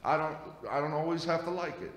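Folksy preacher in an echoey church. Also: male voice, fairly high pitch, fairly even intonation, quick pace. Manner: folksy, conversational preaching with frequent amens. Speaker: pastor. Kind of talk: sermon. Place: church sanctuary.

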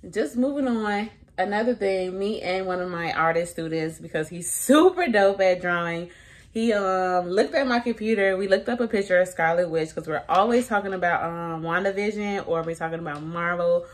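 A woman's voice: on the low side, moderate pace. An elementary school teacher talking casually to her vlog viewers in a chatty, slangy way, laughing often.

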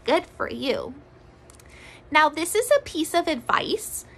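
A woman music teacher leading a children's recorder lesson, speaking gently in a sing-song way and sometimes dropping to soft whispers. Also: high voice, big pitch swings, takes it slowly, creaky, poor audio. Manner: drops to soft whispers to demonstrate.

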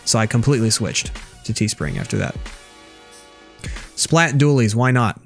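A young man talks casually through a livestream of a game, blunt and sarcastic as he answers chat. His voice sits at an ordinary middle pitch. Faint game music plays under his voice. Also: expressive, normal speed, creaky. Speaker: game streamer. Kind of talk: casual gameplay commentary reading chat.

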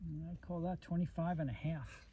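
A man's voice: a little high, fairly even intonation, fairly quick, background noise. A man on a volunteer trail crew chatting casually as he explains a cut log and its rot, recorded outdoors on a forest trail. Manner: explains measurements and wood rot plainly. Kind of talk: casual chat while working.

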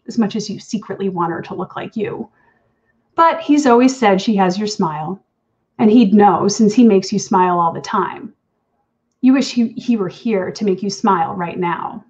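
At an online event, a woman author reads her own fiction aloud in an intimate, wry second-person voice. Her voice is medium-pitched and darkish, and the audio sounds dull.

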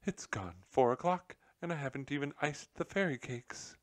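A worried little mouse housewife voiced by a man frets in a high, fluttering voice. It is a storybook reading with a dry, close sound. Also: sing-song, moderate pace, dry recording. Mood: anxious. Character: anxious fussing female mouse housewife.

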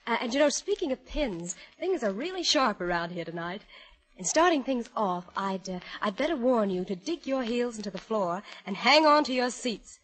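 Brief: female emcee, 1940s radio, chatty, slightly high voice. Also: very animated, moderate pace, fairly bright tone, husky, rough recording. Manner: breezy, chatty address to troops. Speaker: mistress of ceremonies. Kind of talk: scripted 1940s radio variety hosting.

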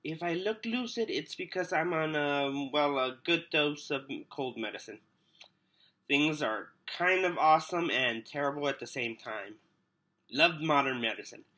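Bright-voiced sick man vlogging. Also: a little high, lively intonation, unhurried. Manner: loopy and rambling, trails off, hums to himself. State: sick with a cold. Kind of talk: casual unboxing vlog.

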